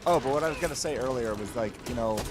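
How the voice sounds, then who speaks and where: A man's voice: mid-range voice, quick pace, very noisy. A man streaming a co-op game, chatting casually with friends, joking and swearing at the game. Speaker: gaming streamer. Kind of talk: casual co-op gaming chat.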